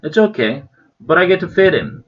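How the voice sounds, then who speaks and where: A man voicing a sulky, sarcastic older boy, pitched above his own voice. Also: sing-song, normal speed, dull audio.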